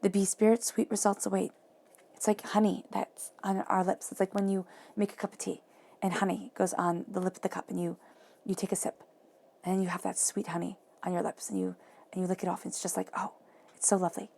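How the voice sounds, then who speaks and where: A woman giving a monthly tarot reading, talking softly and reflectively and repeating phrases for emphasis. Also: mid-range voice, flat delivery, fairly quick, creaky. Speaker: tarot reader.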